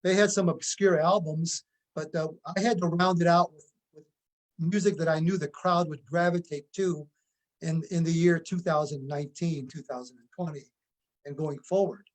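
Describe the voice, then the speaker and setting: A man's voice: on the high side, fairly even intonation, moderate pace. A man who plays in a tribute band, explaining his points at length in a casual interview.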